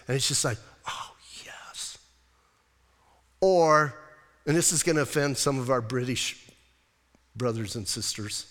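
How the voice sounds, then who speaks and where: A man preaching a sermon as a pastor, animated and conversational, with many rhetorical questions to his congregation. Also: mid-range voice, long reverb tail.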